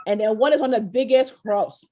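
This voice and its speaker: A woman's voice: fairly high pitch, a little fast, mellow. Woman teaching an online class. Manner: encouraging, quizzes listeners with frequent "okay?" and "right?". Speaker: virtual tour presenter. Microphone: video call.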